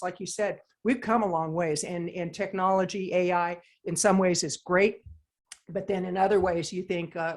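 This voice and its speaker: A woman, a podcast guest talking in long, animated run-on sentences. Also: lowish voice. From United States. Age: 60s. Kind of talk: casual chat.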